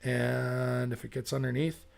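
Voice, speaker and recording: Gravelly-voiced man talking through charts. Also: mid-range voice, flat delivery, measured pace. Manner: chatty, thinks aloud, self-correcting. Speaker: livestream market analyst. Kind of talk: casual livestream chart commentary.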